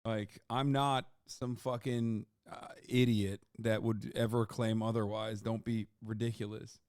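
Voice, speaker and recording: A man streaming a video reaction, joking loudly with profanity as he talks to his chat. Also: fairly low pitch, flat delivery, unhurried, no echo, studio quality. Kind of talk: casual livestream reaction talk.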